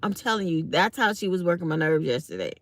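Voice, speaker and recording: A woman's voice: on the low side, animated, quick pace. A middle-aged woman, talking casually to viewers and acting out both sides of an office conversation. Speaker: vlogger.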